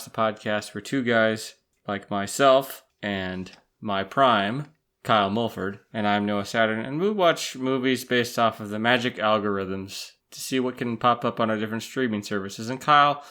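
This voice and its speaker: A man with a fairly low voice, co-hosting a casual movie podcast. He talks in an easy, relaxed way and drops dry, jokey asides into the chat. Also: moderate pace, smooth. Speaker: podcast co-host.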